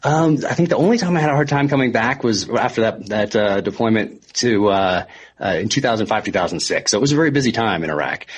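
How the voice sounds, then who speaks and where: A man, a former military guest, talking in a casual interview with many pauses and restarts. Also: on the low side, expressive, breathy edge. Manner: halting, many ums and restarts. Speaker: guest, former Navy SEAL.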